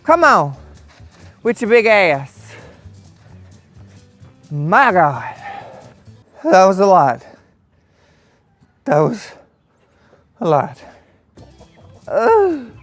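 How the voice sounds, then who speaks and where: A man tends his farm animals outdoors, scolding and sweet-talking them in turn. His talk is sassy and full of cursing, delivered at an unhurried pace with big swoops in pitch. Faint music plays behind him. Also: fairly bright tone, dry recording. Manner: sassy, profane, theatrical asides to animals. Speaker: comedian doing farm chores.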